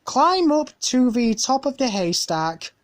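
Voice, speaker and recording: A woman's voice: high-pitched, big pitch swings, takes it slowly, no room sound, studio quality, voice pushed up, full character voice. A woman voicing an eager young boy playmate in a storybook reading.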